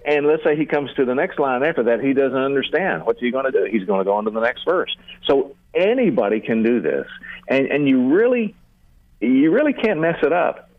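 A man's voice: mid-range voice, sing-song, fairly quick, no echo. An older man, a seminary teacher, explaining prayer earnestly in a radio interview and often repeating words as he starts a sentence. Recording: narrow phone-like radio sound.

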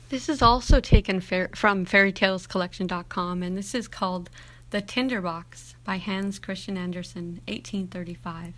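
A woman, the podcast host, reading fairy tales aloud as lively storytelling narration. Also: medium pitch.

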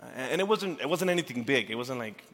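A young adult man, a pastor, preaching a sermon with earnest feeling that swings from urgent rises to hushed, tender passages. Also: medium pitch, expressive, fast. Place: church sanctuary. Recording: church hall reverb with faint music.

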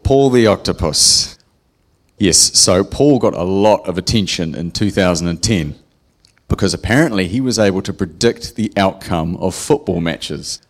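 A man gives a relaxed, joking sermon in a church. His voice sits very low, and he keeps quizzing the congregation. The delivery is chatty and informal. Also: normal speed. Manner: joking, chatty, asks the audience questions. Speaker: preacher.

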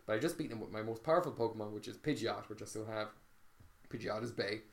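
A man telling a story in casual chat, animated and swearing freely, often restarting his sentences. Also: on the low side, fast talker.

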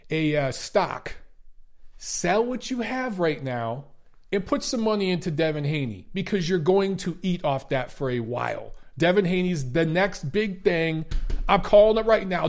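A man hosting a boxing review show, giving blunt, profane, emphatic commentary in a ranting style. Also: high voice. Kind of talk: opinionated commentary and rant.

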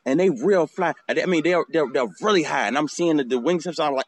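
A man's voice: a little high, a little fast, hardly any pauses. A man hosting a podcast outdoors, telling a casual, swearing story and acting out the bird calls. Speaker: podcast host.

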